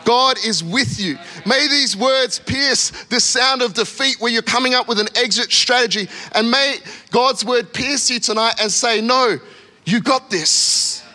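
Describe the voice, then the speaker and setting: A man's voice: very high voice, moderate pace, hardly any pauses, bright, forceful tone. A man preaching a sermon as a pastor, with frequent "come on" interjections and acted-out quotes. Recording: long hall reverb.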